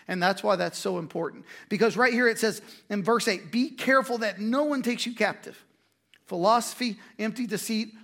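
Guy pastor giving a sermon, higher voice w/ some gravel, chatty and loose. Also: a bit bright. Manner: conversational preaching with quick asides and restarts.

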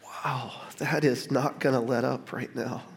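A middle-aged man preaching a sermon to a church congregation, casual and joking, building to excited emphasis. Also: medium pitch, measured pace, vocal fry. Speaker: pastor.

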